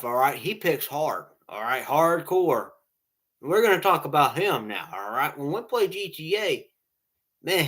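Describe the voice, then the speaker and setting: A man with a slightly high, somewhat bright voice rambles through casual stories and jokes for his online friends. He keeps adding "all right?" and laughs at his own tales.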